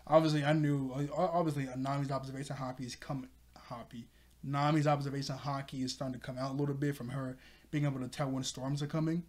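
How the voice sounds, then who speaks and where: A man's voice: mid-range voice, level tone, quick pace, darkish tone. A man recapping an anime episode in a rambling, casual way, chuckling often and leaning on fillers. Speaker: anime review host.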